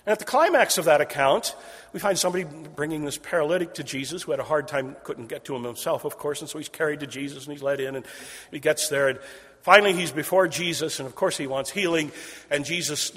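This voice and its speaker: A man preaching an expository sermon. He builds phrases in rhythmic repeated series and swings from loud emphasis to a hushed near-whisper. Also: on the high side, brisk, husky. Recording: long hall reverb.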